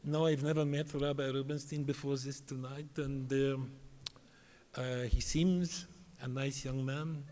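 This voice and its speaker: A man voicing an elderly, doubtful old-world rabbi who speaks slowly and haltingly. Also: mid-range voice, level tone, dark tone, natural voice. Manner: slow, halting, with fillers. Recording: reverberant hall, light background noise.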